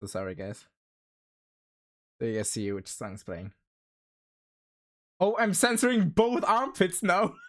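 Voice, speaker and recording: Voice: mid-range voice, wildly swooping pitch, measured pace, long pauses, fairly bright tone. A livestreamer chatting casually with viewers, rambling with many fillers and laughing often. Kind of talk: casual stream chat.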